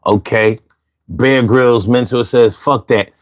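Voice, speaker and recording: A man's voice: medium pitch, fairly even intonation, slow, dry recording, clean studio sound. A man reading viewer comments aloud and reacting in slangy, profane, conversational talk. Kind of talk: casual commentary.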